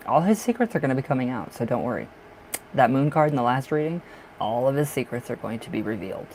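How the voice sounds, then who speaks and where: A man's voice: medium pitch, expressive, fast, darkish tone, a little hiss or hum, poor audio. Man tarot reader on a live stream, from the northern US, chatty and giggly, mid-range voice. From northern United States. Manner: chatty, laughs often, repeats himself.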